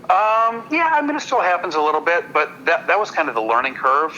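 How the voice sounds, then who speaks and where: Bright-voiced man telling a story. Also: on the high side, lively intonation, dull audio, a little hiss or hum. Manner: halting, repeats words while building a story; apologetic, checks in with listeners. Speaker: podcast guest, hypnotist comedian. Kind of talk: casual anecdote-telling on a podcast.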